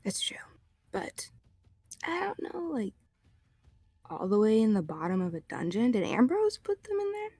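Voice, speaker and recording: A woman voicing an anxious young adventurer who talks haltingly, in a tabletop role-play. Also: fairly high pitch, sing-song, dark tone, slightly rough, dry recording, full character voice. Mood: worried. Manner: hesitant, halting.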